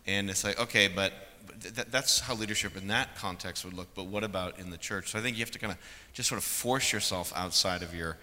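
A man's voice: sits low, quick pace, hardly any pauses, bright, forceful tone. A man speaking in a panel discussion, hesitant and searching for his words. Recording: long hall reverb, faint noise.

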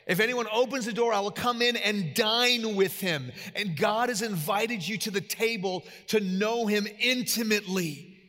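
Energetic preacher man in a big hall. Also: sits high, moderate pace. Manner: storytelling, swings between loud emphatic peaks and quiet asides. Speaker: pastor. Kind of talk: sermon.

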